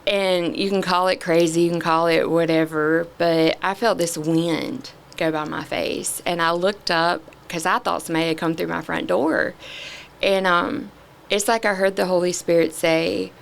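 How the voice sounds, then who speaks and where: A middle-aged woman, a podcast guest, sharing a candid personal testimony in an earnest, halting way with many pauses. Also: on the low side, steady tone, gravelly, a little hiss or hum.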